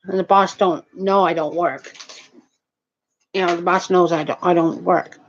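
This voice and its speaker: A woman with a fairly low, fairly even voice rants at a moderate pace through a long, indignant story, full of restarts, heavy swearing, nonstandard grammar and "you know what I mean" tags. The dull lo-fi recording carries a little hiss or hum.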